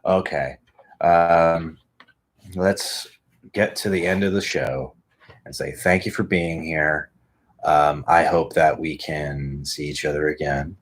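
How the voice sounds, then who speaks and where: A man's voice: very deep voice, steady tone, slow. A man hosting a home podcast, rambling casually and swearing, talking close into a studio microphone. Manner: rambling, profane, self-mocking. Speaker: podcast host.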